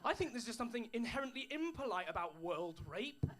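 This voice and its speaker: A man's voice: very high-pitched, big pitch swings, fairly quick, a bit bright, a little hiss or hum. A man doing stand-up comedy, dry storytelling with put-on posh voices. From England. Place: comedy club stage with an audience.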